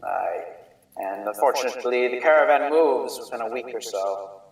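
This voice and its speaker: A man's voice: mid-range voice, moderate pace, vocal fry, natural voice. A man voicing a shrewd, formal male merchant alchemist who speaks in stilted, hesitant phrases. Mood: formal bargaining. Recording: roomy sound, distant mic, faint music.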